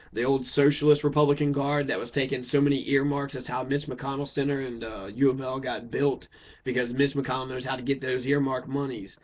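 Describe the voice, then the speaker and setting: A Kentucky political speaker with a medium-pitched voice lets loose a heated, swear-filled rant, bluntly tossing out rhetorical questions. The sound quality is dull and lo-fi.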